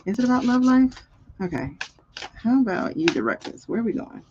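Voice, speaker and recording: A woman hosting a live tarot reading stream, chatting casually with viewers, animated and laughing often. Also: fairly high pitch, a little fast, lo-fi sound, a little hiss or hum. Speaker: tarot reader and stream host.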